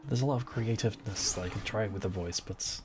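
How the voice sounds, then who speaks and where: A man's voice: on the low side, quick pace, background noise. A young man, a voice actor, chatting casually while he streams a video game, enthusiastic about the voices he hears. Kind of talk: casual gaming stream chat.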